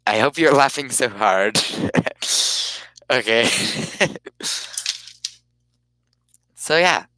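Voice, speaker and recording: A man casually chatting on his live stream, rambling in a halting way and often cutting himself off mid-thought. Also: medium pitch, lively intonation, bright, forceful tone, no echo, low-quality recording. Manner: rambling, halting, self-interrupting.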